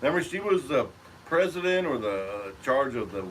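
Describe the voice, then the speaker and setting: A man's voice: medium pitch, very animated, normal speed, heavy background noise. A man co-hosting a casual chat, playful and joking. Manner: playful, joking, breaks into song. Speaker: co-host.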